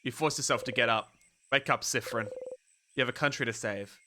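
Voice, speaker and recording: A man voicing a calm, solemn game narrator, reading slowly and deliberately. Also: background noise, close to an everyday voice. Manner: slow, low, deliberate reading. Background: game music.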